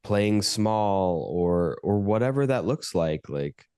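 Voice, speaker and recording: A man's voice: lowish voice, lively intonation, slow pace, darkish tone, clear, resonant tone, no echo, clean studio sound. A man hosting a podcast as a coach, speaking in a heartfelt, reflective way. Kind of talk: casual conversation.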